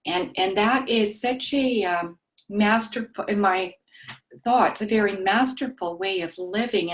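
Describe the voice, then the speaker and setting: A woman sharing in a study group, soft-spoken and halting, with frequent pauses and ums. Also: fairly low pitch. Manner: describes herself as meek and mild.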